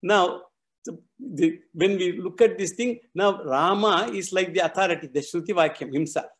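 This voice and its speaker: A man lectures on scripture in a class setting. His voice sits a bit high for a man, and he works through each term slowly and methodically, often repeating and defining it. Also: a bit bright. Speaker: scripture teacher.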